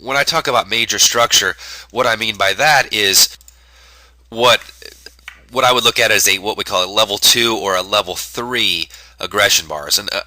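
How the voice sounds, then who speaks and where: A man's voice: on the low side, pushed and bright, no room sound, poor audio. A man with a nasal, stuffed-up voice from a cold, talking through a day's trading chart with many fillers and restarts. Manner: explanatory, frequent fillers and restarts. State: congested from a cold. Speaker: day trading educator. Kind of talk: market recap screencast.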